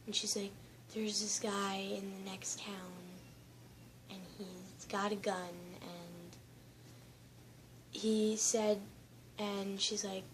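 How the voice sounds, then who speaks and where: A teenage girl shakily retelling a frightening school lockdown in a rambling personal vlog, at times quiet and at times loud. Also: medium pitch, flat delivery, takes it slowly, pauses often, a little hiss or hum, rough recording. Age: teens. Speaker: student.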